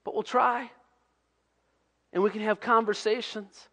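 Male pastor, fairly high voice, conversational sermon, big reverberant hall. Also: little pitch movement, a little slow. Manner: conversational preaching, drops to hushed tones.

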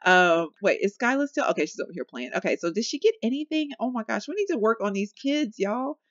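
Chatty, animated young woman narrating gameplay. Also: a little high, fairly quick, dry recording, muffled recording. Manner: chatty, animated, talks to viewers as y'all, laughs often. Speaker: gameplay commentator. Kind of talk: casual let's-play commentary.

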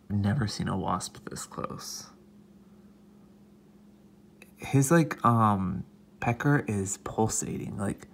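A young man talking casually and dramatically to a trapped wasp, swinging between hushed whispers and loud exasperated outbursts. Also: on the low side, animated, unhurried, vocal fry, slight background noise. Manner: dramatic, exasperated, slangy, drops to whispers and bursts into loud outcries. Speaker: vlogger.

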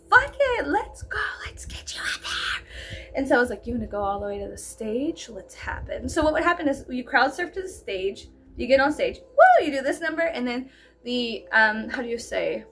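A woman's voice: fairly high pitch, fairly bright tone. A woman in her thirties from South Texas rambling through a casual story with heavy fillers and free swearing. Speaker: storyteller vlogger. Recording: faint background noise.

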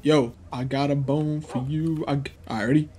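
A young man giving casual, slangy let's-play commentary, getting excitable and yelling at the game. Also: on the high side, moderate pace. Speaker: gaming YouTuber.

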